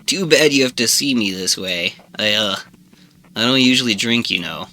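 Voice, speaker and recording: A man's voice: fairly low pitch, lively intonation, moderate pace, sharp tone, exaggerated voice. A man voicing a drunk young woman at a party, slurred and apologetic. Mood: mopey.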